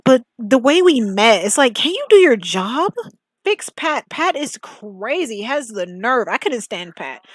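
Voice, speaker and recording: A woman's voice: fairly high pitch, dry recording. A woman giving casual, opinionated commentary on a story game, blunt and often exasperated. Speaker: game reviewer.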